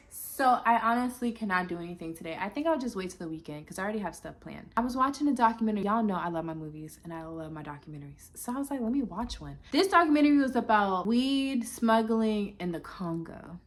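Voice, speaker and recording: Woman vlogger, casual rambling delivery, lots of asides, mid-range pitch. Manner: rambling, chatty, full of filler asides. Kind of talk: casual chat to camera.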